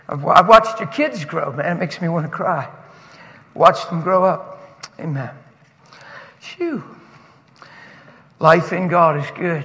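A pastor giving an animated, emotional sermon that he breaks off to greet friends, recorded in a church sanctuary with a long reverb. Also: high-pitched. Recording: long reverb of a large hall.

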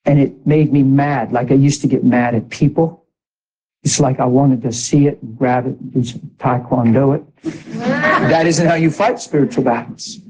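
A man preaching a sermon in an animated way, exhorting the congregation with asides. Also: mid-range voice, normal speed, slightly rough, poor audio.

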